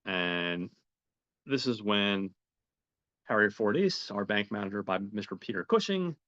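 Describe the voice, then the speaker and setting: A man with a fairly low voice casually recaps a film plot, stopping to voice the characters as he goes. He talks haltingly, repeats words and says um often. The sound is dry and a little dull. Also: lively intonation, a bit bright, no room sound. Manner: retells scenes, briefly voicing characters. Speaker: podcast host.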